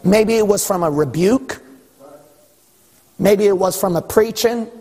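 A man preaching a sermon to a congregation, emphatic and rhetorical, building to shouts. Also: sits high, unhurried, slightly rough. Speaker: pastor. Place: church hall. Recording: long echo of a big hall.

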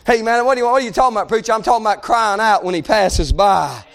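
A male preacher delivering an impassioned sermon that swings between fervent shouting and quieter pleading. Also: high voice, fast, gravelly. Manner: impassioned, shouting in bursts, Southern-style dropped grammar.

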